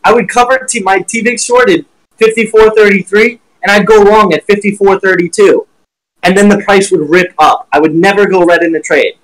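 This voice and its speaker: On a live stream, a man teaches trading while sharing his screen, talking bluntly, profanely, and with lots of energy. His voice is high-pitched and his pace moderate, though the recording quality is low.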